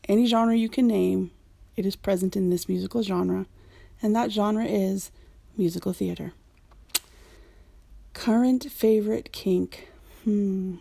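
Casting: frank, chatty woman, mellow tone with a bit of vocal fry, dry close mic. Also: medium pitch, dry recording. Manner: chatty, frank, with frequent ums and laughs. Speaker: community member answering a questionnaire. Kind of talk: casual spoken questionnaire.

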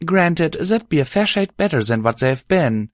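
A man's voice: on the high side, sing-song, moderate pace, no echo, studio quality, pitched above the performer's own voice. A man doing a weary, wry pony hero.

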